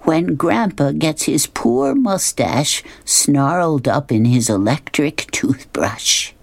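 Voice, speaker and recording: A woman's voice: deep voice, sing-song, takes it slowly, darkish tone, voice pushed up, exaggerated voice. A woman reading a grandmother's lines in a comic strip, in a light, amused voice. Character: grandmother consoling a startled grandson.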